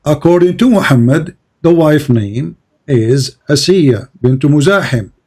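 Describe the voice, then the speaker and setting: A man whose first language is Arabic argues his point in a heated debate, insistent and lecturing, repeating words as he pushes on. His voice sits fairly high for a man, with a dark, mellow tone. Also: animated, measured pace, breathy edge. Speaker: debate host.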